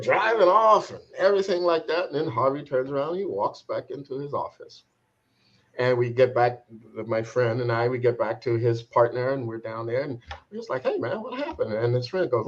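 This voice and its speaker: Brief: male coach, mid-pitched, halting storyteller who acts out quotes, lightly muffled recording. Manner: reflective, halting, repeats words while searching for them. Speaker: transformation coach. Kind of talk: telling a personal story in an interview. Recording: slightly dull, muffled sound.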